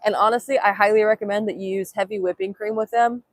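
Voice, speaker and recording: A woman's voice: medium pitch, steady tone, fast talker, no room sound. A young woman chatting casually on a livestream outdoors at sunrise, reading chat aloud in a playful way, filmed on a handheld phone. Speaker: livestream vlogger.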